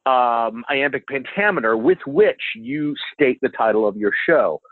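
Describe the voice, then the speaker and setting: A man's voice: medium pitch, lively intonation, a little slow, dry recording. A man in a podcast interview, joking in a teasing, mock-formal way and stammering on restarts. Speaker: interview guest. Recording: tinny phone-like call audio.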